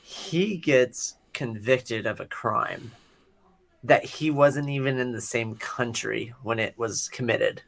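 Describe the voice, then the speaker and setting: A man's voice: mid-range voice, slow pace, vocal fry, fairly bright tone. A man co-hosting a casual podcast, laid-back, mostly giving short agreeing replies and now and then wandering into a rambling aside. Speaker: podcast co-host. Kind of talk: casual chat.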